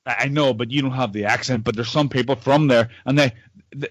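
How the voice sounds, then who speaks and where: A man's voice: mid-range voice, fairly even intonation, fairly quick, no room sound. Dry-voiced Northern Irish man chatting. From Northern Ireland. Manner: rambling, repeats words, swears freely. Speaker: podcast host. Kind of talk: casual chat among old friends. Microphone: video call.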